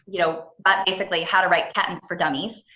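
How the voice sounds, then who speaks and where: A woman's voice: lowish voice, steady tone, fast, bright, forceful tone, roomy sound, rough recording. A woman presenting a business etiquette seminar, chatty and engaging with frequent fillers.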